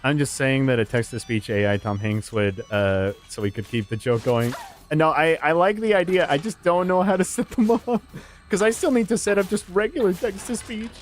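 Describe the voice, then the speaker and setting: A man's voice: fairly high pitch, normal speed, faint music behind. A man streaming a horror game, chatting casually with viewers, swearing and laughing often and jumping into silly voices. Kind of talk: casual gaming stream chat.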